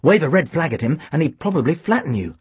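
A man narrating a storybook with a dry, wry, expressive delivery. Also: on the high side, quick pace, husky, no echo. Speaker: audiobook reader.

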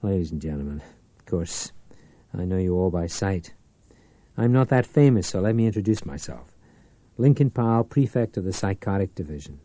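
A man voicing a suave, commanding male police prefect who speaks with smooth courtesy and icy authority. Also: deep voice, lively intonation, moderate pace, dark tone, dry recording. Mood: charming.

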